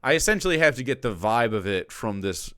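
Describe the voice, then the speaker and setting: A man's voice: medium pitch, big pitch swings, fairly quick, a bit bright, clear, resonant tone, dry recording, clean studio sound. A man streaming, reacting to a cooking video in casual, profane commentary that keeps tipping into exasperated ranting.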